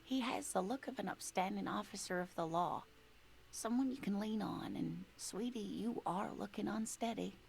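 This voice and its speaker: A woman voicing a kindly older married lady with a Southern American accent, a sweet manner and a gravelly voice, calling people dear. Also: mid-range voice, normal speed, a little hiss or hum, close to an everyday voice. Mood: gentle.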